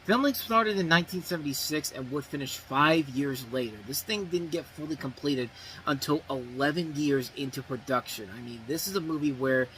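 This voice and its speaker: A man's voice: a little high, moderate pace, sharp tone, a little hiss or hum, rough recording. A man hosting a movie review show, talking casually and rambling, with frequent restarts and self-corrections.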